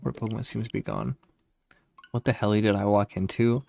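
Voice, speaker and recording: A man with a somewhat low voice talks straight into a home desk mic. He tells stories to his live chat in a loose, rambling way. He swears freely and laughs at his own stories. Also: steady tone, fairly quick, creaky, a little mellow, faint music behind. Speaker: streamer. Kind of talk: casual storytelling to live chat.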